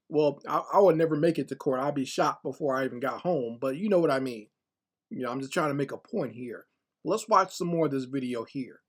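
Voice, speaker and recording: A man's voice: on the high side, fairly quick. Sarcastic man firing rhetorical questions. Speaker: commentator reacting to a video. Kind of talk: casual reaction commentary.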